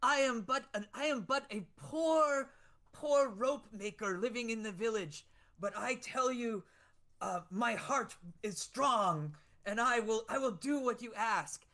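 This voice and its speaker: A man's voice: very high voice, unhurried, sharp tone, voice pushed up, exaggerated voice. A man voicing a skinny, fawning peasant rope maker who stammers eagerly.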